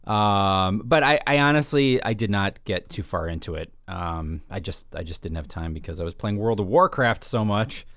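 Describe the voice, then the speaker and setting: Rambling, lively-pitched podcast guy. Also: normal speed, hardly any pauses, no room sound, studio quality. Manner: rambling, playful, lots of fillers and restarts. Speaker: podcast co-host. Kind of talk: casual podcast chat.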